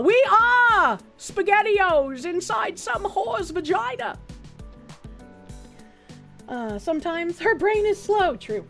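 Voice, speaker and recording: A woman from Canada streaming casually, reading chat aloud with profane, sarcastic mockery. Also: a little high. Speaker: livestreamer.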